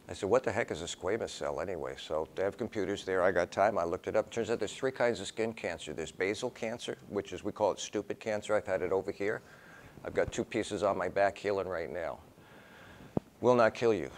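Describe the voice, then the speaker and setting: A man's voice: deep voice, slight background noise. A man in his sixties, a professor telling a personal story to his class in a conversational, wry way, acting out the dialogue as he goes.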